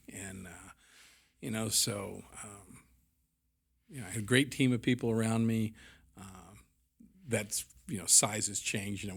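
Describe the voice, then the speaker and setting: Casting: middle-aged man, low gravelly husky voice, rambling blunt storyteller with lots of fillers. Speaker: podcast guest, business owner. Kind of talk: candid conversational storytelling.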